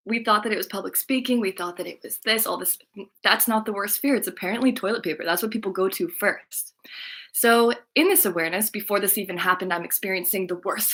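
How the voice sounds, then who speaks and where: A woman at a middle pitch tells a personal story in a casual spiritual vlog. She is chatty, fills her sentences with "like", and laughs now and then. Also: fairly bright tone. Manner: chatty, lots of "like" fillers, laughs while talking. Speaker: spiritual channeler and content creator.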